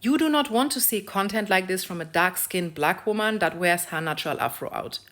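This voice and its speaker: A woman's voice: lowish voice, expressive, brisk, a bit bright. A young African woman ranting in a blunt, profane vlog of social commentary, lecturing and repeating phrases for emphasis. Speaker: video creator.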